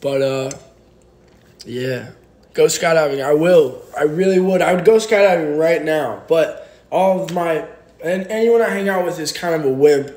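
A young man chats on a phone livestream from home, answering viewer comments with rambling jokes and playful teasing. His voice sits a bit higher than most men's. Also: moderate pace, a little mellow. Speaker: livestream host. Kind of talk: casual livestream chat reading viewer comments. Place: home, indoors.

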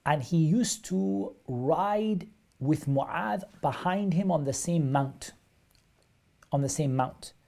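A man's voice: a little high, animated, slow pace, creaky, a little mellow. A man teaching a live online religious lesson, explaining texts step by step and repeating phrases for emphasis. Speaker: Islamic studies teacher.

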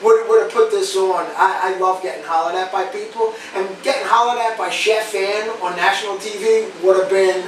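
Loud New guy, animated storyteller, a bit off the mic in a very echoey room. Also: high voice, moderate pace, few pauses, far from the mic. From New Jersey. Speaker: podcast guest. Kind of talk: casual storytelling chat. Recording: roomy echo, off-mic, faint noise.

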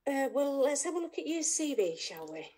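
Woman playing a polite casting director, high voice, mellow tone, hesitant, video call. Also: big pitch swings, normal speed. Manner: polite, hesitant, many ums. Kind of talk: comedy sketch acting.

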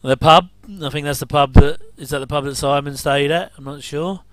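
Guy rambling over an old tv show, chuckles a lot, smooth clear voice, dry close sound. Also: on the high side, fairly even intonation, fairly quick, fairly bright tone, no echo. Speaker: commentator. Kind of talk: casual film commentary.

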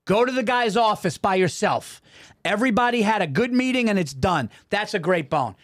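A man with a high voice co-hosts a casual podcast. He gives blunt verdicts and repeats them for emphasis. The sound is dry and close. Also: animated, normal speed, a bit bright, dry recording. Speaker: podcast co-host. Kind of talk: casual comedic podcast chat.

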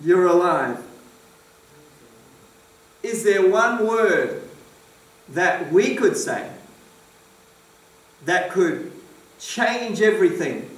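Slow, high-voiced male preacher in echoey hall. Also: animated. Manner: slow, emphatic, asks the congregation questions. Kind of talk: sermon. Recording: roomy echo, distant mic.

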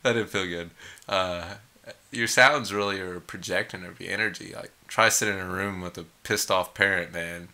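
A man casually leading a heart meditation as an energy healing teacher, laid-back and blissed out, with sighs, hums and soft chuckles. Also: sits low, fairly even intonation, moderate pace.

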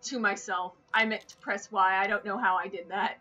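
A young woman playing a video game with a friend, excitable and swearing, shrieking when startled. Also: mid-range voice, moderate pace, dull audio, faint music behind. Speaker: gamer, co-host. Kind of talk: let's-play banter.

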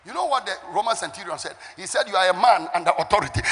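A pastor in his sixties from Ghana preaching a sermon with fervour, breaking into shouts and half-sung phrases. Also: sits high, lively intonation, quick pace. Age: 60s. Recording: echoey hall with faint music.

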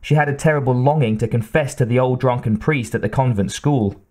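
A man's voice: medium pitch, a little fast, darkish tone. Man narrating an audiobook steadily. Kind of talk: scripted narration.

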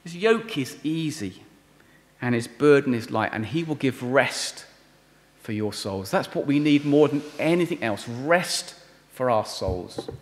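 A man preaching a sermon and leading prayer, earnest and pleading, often dropping to a soft voice on key words. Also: mid-range voice, lively intonation, unhurried. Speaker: visiting preacher. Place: church hall. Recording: reverberant hall.

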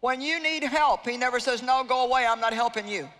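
A woman's voice: on the high side, a little fast, a bit bright. Earnest woman preaching in a reverberant hall. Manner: earnest, pleading, repeats phrases for emphasis. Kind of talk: evangelistic sermon. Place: large hall with live audience. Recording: long reverb of a large hall.

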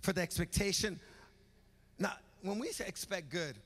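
Male pastor, high bright voice, rhythmic emphatic preaching, reverberant church hall. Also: moderate pace. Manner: rhythmic preaching with rising emphatic build-ups. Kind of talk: sermon. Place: church sanctuary.

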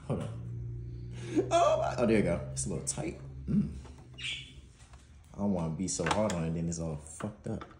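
A man's voice: sits low, fairly quick, pauses often, echoey room, background noise. A man hosting a gaming channel, chatting casually through an unboxing and install tutorial, laid-back and prone to swearing and laughing.

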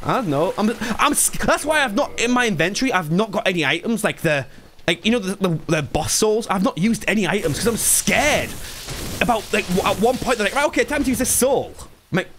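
Animated young man streaming a game. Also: high-pitched, fairly quick, slight background noise. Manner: ranting, swearing, switches between mumbling and loud outbursts. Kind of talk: casual live-stream chat.

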